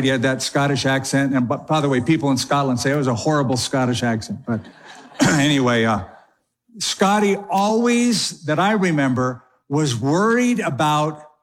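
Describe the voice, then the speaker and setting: A male pastor preaching a sermon in a conversational way, with quick asides and slowed emphasis. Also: mid-range voice.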